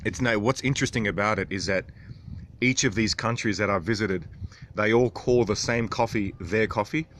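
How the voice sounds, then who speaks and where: A man in his thirties hosting a casual livestream, reading out viewer comments with frequent chuckles and throat clearing. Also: on the low side, normal speed, fairly bright tone, a little hiss or hum. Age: 30s. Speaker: livestream host.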